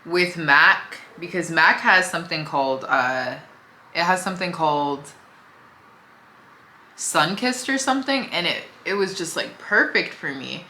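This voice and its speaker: Low-voiced chatty woman doing her makeup. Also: expressive, measured pace, pushed and bright, reverberant, slight background noise. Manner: chatty, talks while applying makeup, easygoing. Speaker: beauty vlogger. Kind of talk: casual makeup tutorial chat.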